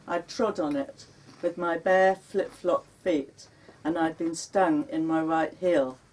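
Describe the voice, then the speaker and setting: Brief: woman author, live bookshop reading, deliberate pace, distant mic. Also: deep voice, steady tone, a little mellow. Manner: unhurried, dramatic when quoting her panicked self. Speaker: author reading her memoir. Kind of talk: live reading of memoir prose. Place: bookshop launch event. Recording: recorded from a distance.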